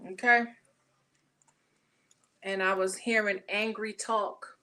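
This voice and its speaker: A woman giving a casual tarot reading, talking bluntly and profanely with animated storytelling. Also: mid-range voice, slow pace. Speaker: tarot reader.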